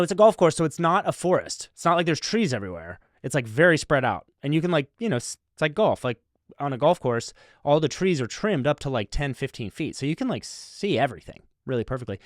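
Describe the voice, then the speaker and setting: A man hosting a comedy podcast, telling a rambling story with deadpan, mock-serious asides. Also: medium pitch, smooth, no echo, clean studio sound. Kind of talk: comic storytelling.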